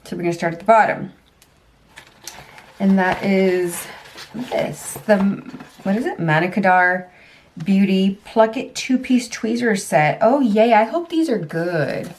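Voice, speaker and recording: A woman's voice: medium pitch, unhurried, pauses often. Woman, beauty vlogger, casual unboxing chat, chatty, easy laughs, rambling asides. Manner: chatty, self-deprecating, laughs easily; frequent ums and trailing asides.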